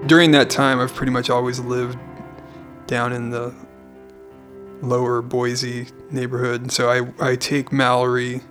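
Flat, monotone man telling a story. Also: medium pitch, unhurried, faint music behind. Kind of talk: casual personal storytelling.

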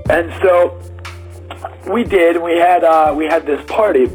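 A man's voice: fairly high pitch, measured pace, soft background music, poor audio. A man telling a personal story in a casual, rambling way, full of fillers and acted-out quotes. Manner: rambling, many "like"s, acts out quotes.

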